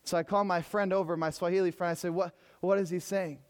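Preacher, male, high-pitched, swings between fervent calls and quiet storytelling. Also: flat delivery, fast talker, clean tone. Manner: emphatic, swinging from loud exhortation to hushed storytelling. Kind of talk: sermon.

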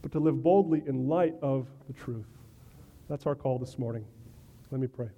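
A man's voice: medium pitch, moderate pace, muffled recording. A male pastor preaching a sermon in a conversational way, often checking in with "right?" and sometimes restarting words.

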